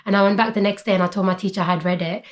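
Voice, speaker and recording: A woman's voice: mid-range voice, steady tone, very fast. A young woman vlogger chatting casually about books, using lots of fillers like "like" and "basically". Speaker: book vlogger. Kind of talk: casual book haul chat.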